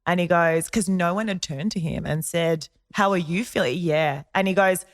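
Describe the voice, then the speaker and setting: A woman's voice: moderate pace, dry recording, studio quality. A woman, candidly telling a personal story on a podcast and acting out what people said. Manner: animated, acts out quotes with rising pitch, many fillers. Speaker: podcast co-host sharing her story.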